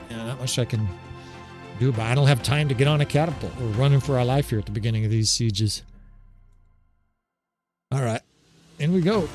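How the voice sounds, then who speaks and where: Excitable dude talking over his strategy game, swears a lot, laughs, keeps saying right?, loud game music behind him. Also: mid-range voice. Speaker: gameplay commentator. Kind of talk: casual gameplay commentary. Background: game soundtrack music.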